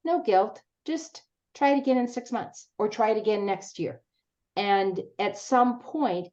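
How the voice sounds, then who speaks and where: A woman in a grief support group, speaking gently and earnestly to encourage others. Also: on the low side, dull audio. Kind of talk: faith-based grief support group chat.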